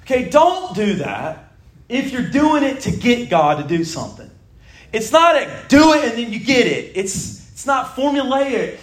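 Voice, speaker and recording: A middle-aged man preaching a casual, animated sermon, joking and talking to his listeners like friends. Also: extremely high pitch, measured pace. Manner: animated, jokey, conversational with laughs and asides.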